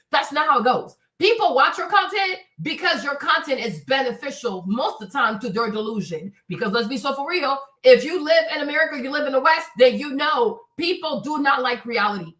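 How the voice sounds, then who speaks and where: A woman's voice: high voice, expressive, fairly quick, few pauses, sharp tone. A woman hosting an opinionated live-stream commentary, blunt and profane, who keeps checking in with her audience with "right?" and "okay?". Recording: roomy, distant mic.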